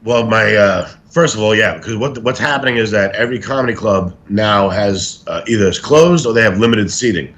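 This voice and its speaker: A stand-up comedian guest telling showbiz stories in a casual interview, animated and acting things out as he talks. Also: lowish voice, brisk, few pauses. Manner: animated, acts out stories and quotes.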